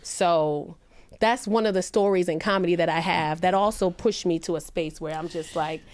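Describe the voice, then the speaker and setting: A woman comedian on a podcast, telling a personal story earnestly and emphatically, her pitch rising when she quotes people. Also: moderate pace, darkish tone. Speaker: comedian guest.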